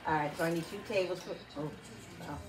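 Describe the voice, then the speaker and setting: A woman's voice: lowish voice, fast talker. A woman in her fifties hosting a home cooking video, telling stories in a chatty way and acting out the voices in them. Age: 50s. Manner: chatty storyteller, acts out the voices in her anecdotes. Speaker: cooking channel host. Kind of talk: casual kitchen chat. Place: home kitchen. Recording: echoey kitchen, faint noise.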